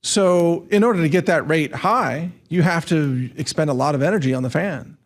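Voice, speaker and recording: A man's voice: fairly high pitch, moderate pace. A man hosting an interview, thinking aloud and restarting his words as he asks questions. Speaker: interview host. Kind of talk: interview conversation.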